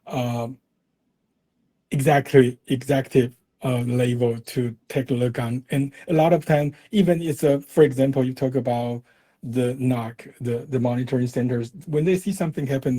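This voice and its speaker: A man's voice: mid-range voice, dark tone. A man speaking as a guest in a casual conversation, explaining his points with slightly unusual phrasing.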